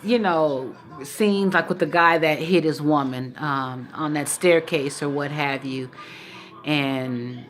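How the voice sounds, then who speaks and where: A woman vlogger talking casually to the camera in a teasing, mocking, playful way. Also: sits low.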